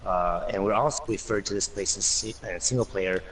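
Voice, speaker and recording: Man, gaming panelist, low voice, many fillers, distant mic, faint hiss. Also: fairly quick, a bit bright. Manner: thinks aloud with many fillers. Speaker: guest panelist. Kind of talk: casual group gaming discussion.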